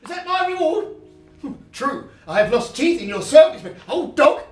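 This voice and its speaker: A woman's voice: high-pitched, sing-song, normal speed, a little mellow, roomy sound, far from the mic, faint music behind. A woman voicing a loyal, indignant old male servant who barks in protest, in a stage play. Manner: indignant, barking like a dog.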